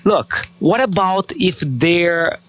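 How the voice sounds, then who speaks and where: A man's voice: high voice, expressive, takes it slowly, a bit bright. A man co-hosting a podcast in a playful, joking casual chat. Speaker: podcast co-host.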